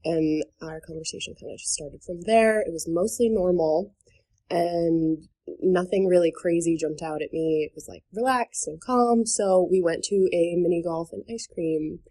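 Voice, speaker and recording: A young woman from New Hampshire chats on a podcast in a slightly low voice. She fills her talk with "um" and "like" and laughs between sentences as she tells a story. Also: moderate pace, dark tone. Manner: chatty, many fillers and "like", laughs between sentences. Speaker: guest telling a dating story. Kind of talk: casual podcast chat.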